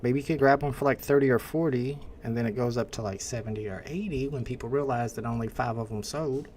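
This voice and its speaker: A man's voice: medium pitch, fast talker, darkish tone, slight background noise. A man with an Indiana accent hosting a casual livestream, chatting and answering comments from chat. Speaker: livestream host.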